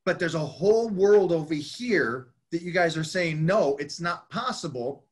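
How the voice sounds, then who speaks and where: Husky, slightly high-voiced middle-aged male host, eager and tripping over his words. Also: expressive, unhurried. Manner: enthusiastic, restarts often. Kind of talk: casual interview chat.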